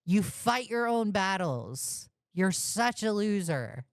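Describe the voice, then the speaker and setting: A woman's voice: mid-range voice, big pitch swings, slow, no echo, studio quality. A woman doing casual commentary, blunt and casual, swearing freely. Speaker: commentary YouTuber.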